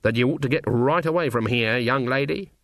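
A man's voice: medium pitch, brisk, a bit bright, dry recording, clean studio sound, natural voice. A man voicing a stern, shrewd old witch woman in a storybook reading, blunt and commanding.

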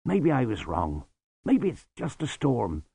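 A man reading aloud, putting on a gruff, bossy old male sweeper who calls people lad. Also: mid-range voice, wildly swooping pitch, measured pace, dark tone, no room sound, heavily acted. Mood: urging. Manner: commanding, blunt, calls others lad.

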